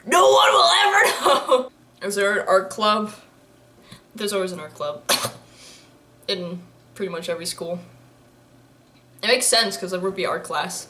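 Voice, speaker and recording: Her voice sits on the low side and sounds a bit bright, with an unhurried pace and frequent pauses. She's a young adult anime reaction YouTuber who rambles casually through her commentary, giggling, laughing often, and joking at the screen.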